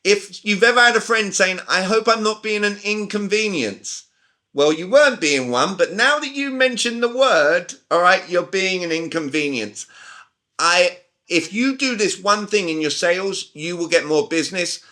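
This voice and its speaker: A man's voice: high voice, lively intonation, moderate pace, bright, forceful tone. A man in his forties with a British accent, coaching a group over a video call with emphatic questions. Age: 40s. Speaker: communication coach. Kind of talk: live online sales training.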